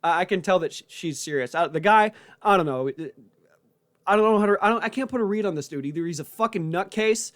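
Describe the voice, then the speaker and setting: A man's voice: high-pitched, quick pace, a bit bright, dry recording, clean studio sound. A man, a comedian and podcast host, recapping a show in a rambling, profane monologue full of restarts.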